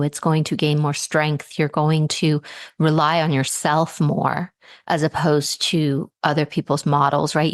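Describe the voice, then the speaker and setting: A woman coach with a lowish voice speaks in an easy, affirming way. Her guidance comes out casual and conversational. The recording is dry and close. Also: no echo. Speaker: host, intuitive coach.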